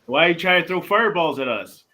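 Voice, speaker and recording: A man playing a tabletop game, answering bluntly and deadpan. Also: fairly high pitch, fast talker. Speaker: player.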